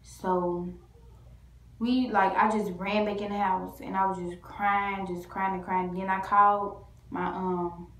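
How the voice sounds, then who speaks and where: Female vlogger, rambling casual storyteller, mid-pitched voice, echoey room. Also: level tone, unhurried, fairly bright tone. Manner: rambling, full of "like" and restarts.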